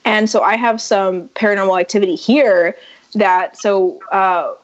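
A woman guesting on a podcast speaks in a mid-range voice at a measured pace, telling a story casually and with animation while acting out others' quotes. The recording has a dull, lo-fi sound.

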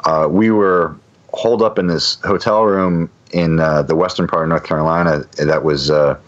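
A man's voice: rumbling low, fairly even intonation, moderate pace, highs cut off. A man casually telling a long anecdote, rambling with frequent restarts and fillers. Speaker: guest storyteller.

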